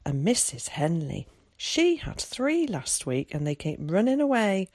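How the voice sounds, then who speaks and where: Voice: medium pitch, big pitch swings, a little slow, a little mellow, no room sound, clean studio sound. Reader voicing a gossipy middle-aged village woman. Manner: chatty, gossiping rural dialect. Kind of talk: audiobook character voice.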